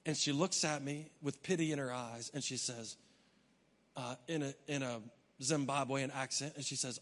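A man's voice: medium pitch, steady tone, moderate pace, fairly bright tone. A man preaching a sermon, telling a travel story with humor and acting out his own reactions. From United States. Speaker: pastor. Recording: long reverb of a large hall.

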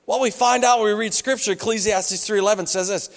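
A man's voice: high voice, steady tone, fast talker, few pauses. A male pastor preaching a sermon in a church hall, talking conversationally and acting out what people say. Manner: conversational preaching, acts out quoted voices.

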